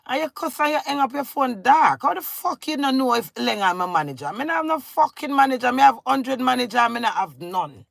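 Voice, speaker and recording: Woman, Jamaican accent, middle-aged, confrontational patois rant, very gravelly, dry sound. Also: high-pitched, animated, brisk, few pauses, no room sound. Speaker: vlogger. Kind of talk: emotional rant to camera.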